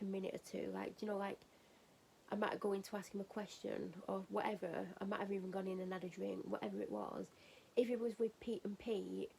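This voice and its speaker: A woman's voice: mid-range voice, gravelly, a little mellow, a little hiss or hum, poor audio. A woman vlogging at home while getting ready for bed, telling a rambling funny story in a casual chatty way and laughing at it.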